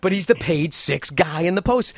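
A man's voice: fairly high pitch, normal speed, no room sound. A man co-hosting a podcast, swearing freely and acting out quotes as he tells stories in casual chat. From New York City. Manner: profane, animated, acts out quotes. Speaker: podcast co-host.

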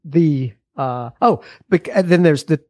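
A man's voice: fairly high pitch, unhurried, warm tone, no room sound, studio quality. A man in his forties, a musician guest on a podcast, talking casually in a rambling, earnest way with frequent restarts.

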